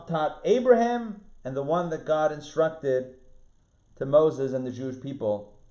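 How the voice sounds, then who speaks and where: A man, a rabbi, teaching an online Torah class, lively, restarting phrases and asking his students questions. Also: a little high. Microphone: video call. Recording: roomy, muffled video-call audio.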